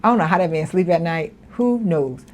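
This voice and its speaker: A woman co-hosting a casual commentary chat, animated and laughing, with mock-outraged asides. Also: on the low side, fairly quick. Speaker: podcast co-host.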